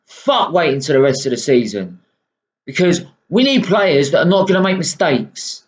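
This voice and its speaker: Angry man ranting abt his team, swears a lot, kinda high voice, muffled lo-fi audio. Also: big pitch swings, normal speed. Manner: swearing, punctuating with "right?". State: unwell. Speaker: football fan vlogger. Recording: dull lo-fi sound.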